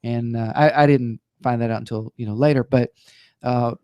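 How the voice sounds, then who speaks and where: A man's voice: medium pitch, steady tone, normal speed, a little mellow, clean tone, dry recording, clean studio sound. A man guest on a talk show, telling a personal story with humor and playful acted-out quotes.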